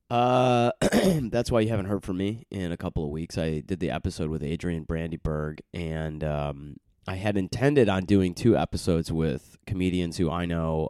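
Low, smooth-voiced podcast host. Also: male voice, darkish tone, no room sound, clean studio sound. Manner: loose and chatty, with many fillers and self-corrections. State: recovering from a cold and jet lag. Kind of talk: casual rambling monologue.

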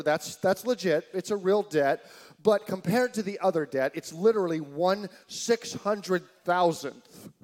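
A male pastor with a high, light voice delivers a lively sermon. He tells the story with animated, incredulous asides. He drops to near-hushed lines between them.

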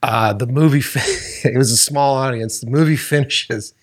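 A man's voice: medium pitch, normal speed. Man, filmmaker, casual podcast chat, rambling, profane, restarts sentences. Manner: rambling, profane, self-interrupting.

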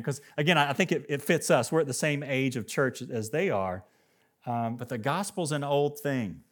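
A man preaching a sermon to his church in a conversational, earnest way, often restarting phrases and lifting his voice when he reads a quotation aloud. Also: mid-range voice. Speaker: pastor. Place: church service with live congregation.

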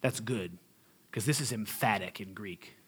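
A man's voice: lowish voice, a little slow, husky. A male pastor preaching a sermon in a conversational, humorous and emphatic way.

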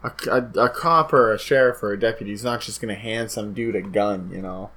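Profane animated podcast guy. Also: on the low side, a little fast. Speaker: podcast co-host. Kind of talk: casual chat.

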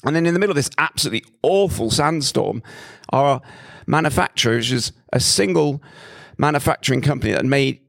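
A middle-aged man, a company founder, telling his story in a lively, self-mocking way with frequent restarts. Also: mid-range voice, brisk, vocal fry. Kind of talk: conversational storytelling talk.

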